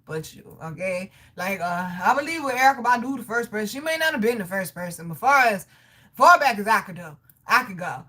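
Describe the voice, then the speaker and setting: Bright, animated woman on a livestream. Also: mid-range voice, fairly quick. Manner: animated, profane, frequent laughter, addresses viewers. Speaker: livestream host reading chat. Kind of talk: casual livestream chat.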